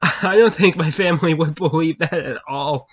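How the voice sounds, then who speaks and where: The recording is dull and lo-fi, capturing a channel host telling viewers a funny story. He has a fairly high, slightly bright voice at a moderate pace, and he keeps laughing and going back over his words in the casual chat.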